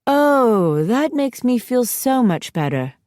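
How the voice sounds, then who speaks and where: A woman's voice: on the low side, moderate pace, dark tone, no room sound, studio quality, close to an everyday voice. A woman narrator voicing a stern, weary mother who is firm and sarcastic with her teenage daughter.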